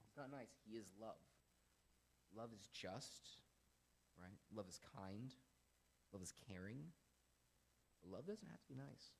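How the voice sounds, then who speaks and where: A young man in his twenties hosting a casual faith podcast, rambling and animated as he tells stories and acts out quotes. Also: on the low side, a little slow, gravelly, long pauses, a little hiss or hum. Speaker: podcast host.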